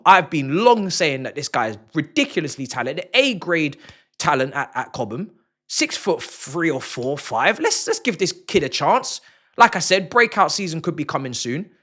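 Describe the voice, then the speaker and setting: A young man giving an excited fan reaction to a football match, playful and full of repeated words for emphasis. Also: high-pitched. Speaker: football channel host.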